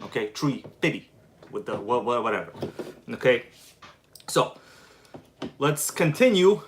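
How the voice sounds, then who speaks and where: A man's voice: medium pitch, slight background noise. Chatty man hosting a live stream. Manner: animated, quick flashes of irritation, chatty. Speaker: livestream host. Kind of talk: casual live chat.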